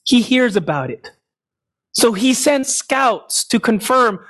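High-voiced, slow-paced male preacher. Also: expressive, fairly bright tone. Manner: storytelling, explains passages, asks and answers his own questions. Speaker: pastor. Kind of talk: sermon.

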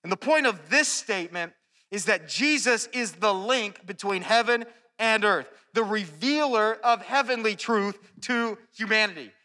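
A man preaching a sermon, earnest and animated, often restarting his phrases. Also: high voice, unhurried. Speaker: pastor. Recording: long hall reverb.

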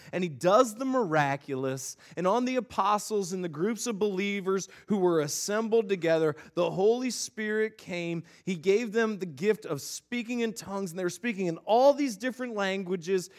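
A male pastor in his thirties preaching a sermon, telling a funny personal story with lots of repeated words before moving into scripture. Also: high voice. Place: church sanctuary.

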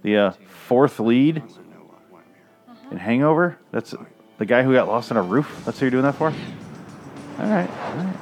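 A man's voice: mid-range voice, expressive, moderate pace, long pauses, a little mellow, soft background music. A man giving rambling, crude, sarcastic commentary while watching a movie. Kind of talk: casual profane movie commentary. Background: movie audio playing.

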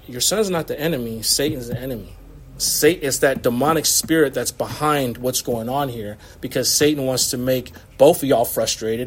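A man in his thirties preaches to his congregation in a church. His voice sits high for a man, and he talks in a loose, conversational way, breaking into laughs and quick asides between points. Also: husky. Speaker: pastor. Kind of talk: sermon. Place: church sanctuary.

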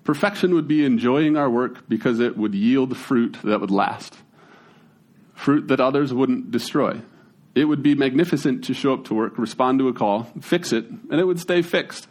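A man, giving a casual, conversational sermon as a pastor, with folksy, animated storytelling. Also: medium pitch, moderate pace.

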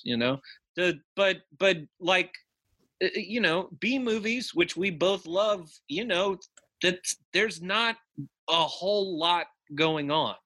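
A man's voice: sits high, pushed and bright, breathy edge. A man co-hosting a movie podcast in casual, playful and self-deprecating chat. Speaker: podcast co-host.

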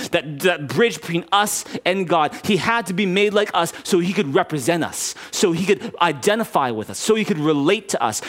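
A male pastor preaching a sermon in an earnest, conversational way, often restarting his sentences. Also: high voice.

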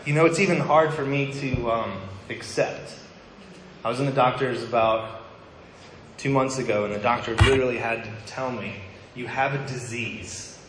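A man's voice: mid-range voice, steady tone, moderate pace, background noise. A male pastor giving a sermon, telling a personal story in a candid, conversational way with wry asides. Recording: echoey hall with long reverb.

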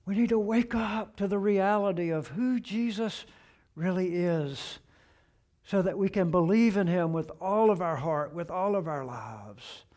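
A male preacher delivers a sermon at an unhurried pace. His voice sits high for a man. He pushes the questions he quotes up in force and lets the ends of his points fall low and soft.

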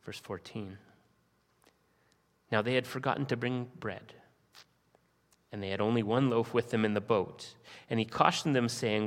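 A man's voice: mid-range voice, fairly even intonation, moderate pace, long pauses. A male pastor preaching a sermon, reading scripture aloud and posing earnest rhetorical questions to the congregation. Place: church sanctuary. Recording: long reverb of a church hall.

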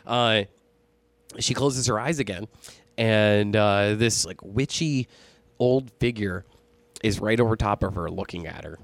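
A man casually telling a ghost story on a podcast, animated and full of swearing. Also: lowish voice, measured pace, no room sound. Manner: profane, animated storytelling, laughs often. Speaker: podcast co-host.

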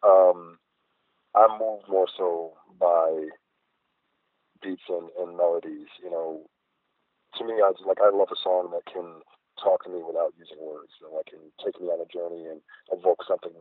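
A man's voice: sits low, fairly even intonation, normal speed, dry recording. A middle-aged man, a guest artist, chatting in a reflective, rambling way with many fillers. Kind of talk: casual interview chat. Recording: phone-like dry line.

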